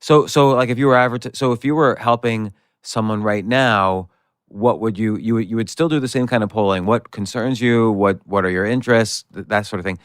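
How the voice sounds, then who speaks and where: Male podcast host, interviewer, curious questions, smooth clear voice, dry sound. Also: fairly low pitch, brisk, dry recording.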